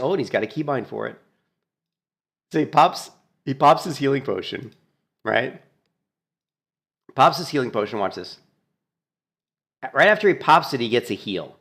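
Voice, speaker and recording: A man casually commentating on a gameplay clip, animated and mocking, laughing often. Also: mid-range voice. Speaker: gaming streamer.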